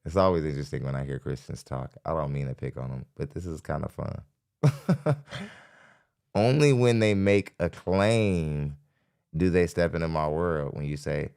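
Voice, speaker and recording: A man's voice: a bass voice, normal speed, creaky, darkish tone, clear, resonant tone. A man hosting a live podcast, giving skeptical, rambling reaction commentary with frequent restarts. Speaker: podcast host.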